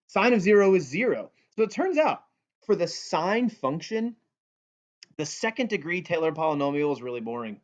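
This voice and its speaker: A man teaches calculus in a playful, joking manner, breaking up the steps with asides. His voice sits a little on the high side. The recording sounds dull and lo-fi. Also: big pitch swings, normal speed, pauses often. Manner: playful and goofy, jokes with students. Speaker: math teacher. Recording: dull lo-fi audio.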